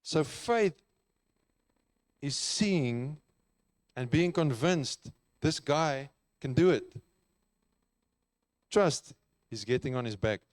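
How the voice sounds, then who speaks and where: A man's voice: mid-range voice, animated, drawn-out words, long pauses, dry recording. A man preaching a sermon in an earnest, conversational way, repeating key phrases for emphasis. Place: church.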